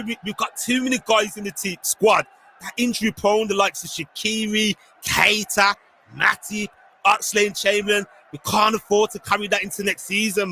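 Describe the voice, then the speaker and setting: Man, very high bright voice, faint noise behind, live football stream host, shouts encouragement. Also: rough recording. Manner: nervous, shouting encouragement at the team. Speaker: host of a football fan channel. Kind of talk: casual live match commentary.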